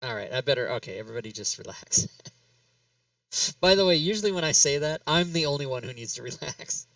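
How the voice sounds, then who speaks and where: Male host, bright tone, slightly distant mic, rambling self-narration with laughs. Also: mid-range voice, animated, a little fast, no room sound. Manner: rambling, laughs often, talks himself through steps. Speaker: talk show host. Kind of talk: casual chat while working in game software.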